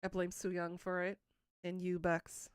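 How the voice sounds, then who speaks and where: A woman's voice: lowish voice, monotone, unhurried, clear, resonant tone, no echo, studio quality. A woman in her thirties hosting a livestream, chatting casually and teasing her viewers as she answers them. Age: 30s. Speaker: livestream host. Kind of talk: casual chat with live viewers.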